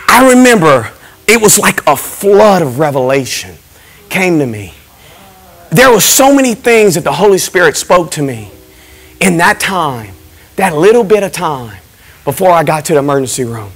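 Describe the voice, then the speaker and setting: A middle-aged man, a pastor giving an impassioned testimony in a church service, moving from hushed emphasis to shouting. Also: high voice, poor audio.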